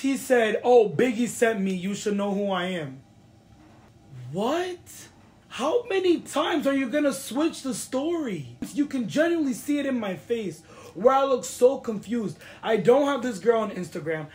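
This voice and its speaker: A young woman from the East Coast hosts a casual chat show. She argues in a heated, confrontational way, firing off questions and dropping into Spanish now and then. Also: a little high. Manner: confrontational, animated, mixes in Spanish phrases. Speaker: podcast host.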